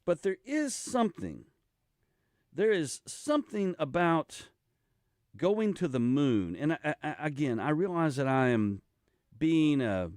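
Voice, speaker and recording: A man's voice: a little high, takes it slowly, dry recording, studio quality. An older man hosting a radio talk show, talking casually in a rambling way with many restarts. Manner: rambling, animated, with frequent restarts and laughs. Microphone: studio microphone.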